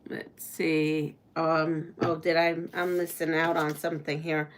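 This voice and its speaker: A woman's voice: low voice, little pitch movement, a little hiss or hum. A woman hosting a quilting live stream, thinking aloud as she sews and reads out trivia questions. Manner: slow, thinking aloud while sewing, reading trivia questions. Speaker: quilting channel host.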